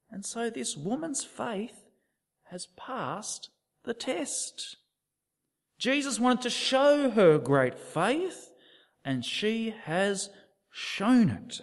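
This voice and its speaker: Dramatic high-voiced male preacher, echoing hall. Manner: dramatic, rhetorical questions, drops to near-whispers. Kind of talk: sermon.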